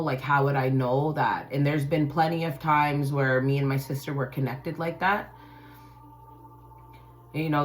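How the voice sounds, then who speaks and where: Low-voiced woman telling a personal story. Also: slight background noise, poor audio. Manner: emotional, emphatic, swears freely. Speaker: tarot channel host.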